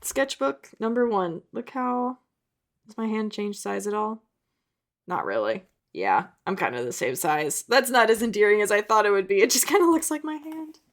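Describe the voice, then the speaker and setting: Chatty young woman with vocal fry. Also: mid-range voice, expressive, moderate pace. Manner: chatty and rambling, with self-mocking asides. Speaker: artist and video creator. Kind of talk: casual chat.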